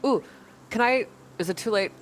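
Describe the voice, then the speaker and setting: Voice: medium pitch, moderate pace, a bit bright, slight background noise. A tabletop game player in casual chat, blunt and playful, laughing often.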